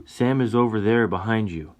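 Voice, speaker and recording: Male reader doing a young frontier woman, pitched up, earnest and loud. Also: moderate pace, natural voice. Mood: urgent.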